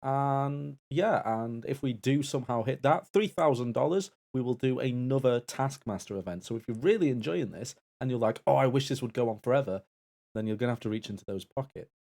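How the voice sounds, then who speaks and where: A man co-hosting a live charity stream, chatting casually and reading out donations. His voice carries a gravelly, fry-laden texture. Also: mid-range voice, lively intonation, fairly quick, darkish tone. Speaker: stream co-host and assistant.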